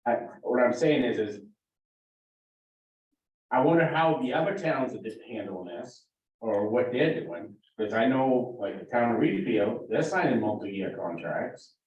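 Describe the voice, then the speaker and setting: A man on a town board speaking haltingly in a meeting, with many fillers and restarts. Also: mid-range voice, animated, darkish tone. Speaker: selectboard member. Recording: echoey room, distant mic, dull lo-fi sound.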